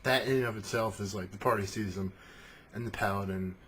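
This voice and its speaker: A man's voice: lowish voice, steady tone, brisk, a bit bright, a little hiss or hum. A man rambling casually and swearing freely as he talks about tabletop role-playing. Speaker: tabletop game talker. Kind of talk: casual monologue.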